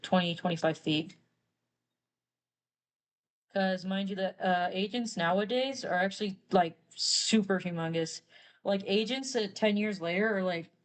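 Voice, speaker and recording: A woman's voice: lowish voice, rough recording. A young woman artist chatting casually while drawing on stream, rambling through a story with lots of fillers.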